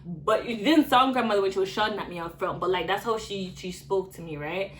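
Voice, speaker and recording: A woman's voice: mid-range voice, brisk, a little hiss or hum, low-quality recording. Young woman vlogger, casual and rambling, mid-range voice, full of fillers. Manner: rambling, filler-heavy retelling. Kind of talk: storytime vlog.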